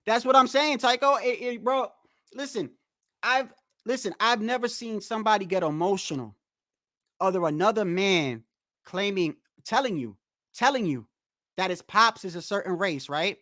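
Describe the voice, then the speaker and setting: A man's voice: high voice, normal speed, pushed and bright, dry recording, studio quality. A man hosting a live stream, talking bluntly and with a lot of cursing while he answers viewers in chat. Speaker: livestream host. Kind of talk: casual live-stream rant.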